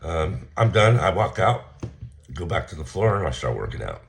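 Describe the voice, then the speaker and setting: Low-voiced guy, blunt and profane, telling a story straight to camera. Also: very animated, moderate pace, vocal fry, slight background noise. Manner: blunt and profane, retelling a confrontation with heated quoted lines. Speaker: vlogger. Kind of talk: casual storytelling rant.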